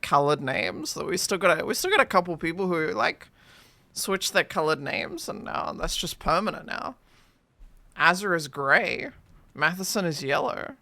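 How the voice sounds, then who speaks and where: Playful streamer with a gravelly, bright voice. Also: mid-range voice, dry recording. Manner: playful, teasing, laughs often, sing-song swings. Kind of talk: casual live-stream chat.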